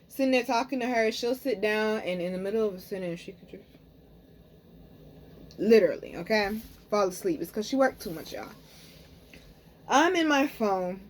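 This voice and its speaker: A woman's voice: medium pitch, slight background noise. Chatty woman telling a story to viewers. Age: young adult. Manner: animated, talks to viewers as "y'all", frequent "okay?". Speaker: spiritual reader and vlogger.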